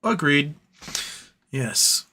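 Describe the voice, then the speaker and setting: A man's voice: a little high, sing-song, extremely slow, bright, forceful tone, slight background noise. A man hosting a casual live stream, reading viewer comments aloud and answering them, tired and starting to lose his voice. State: tired, voice wearing out. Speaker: livestream host reading chat.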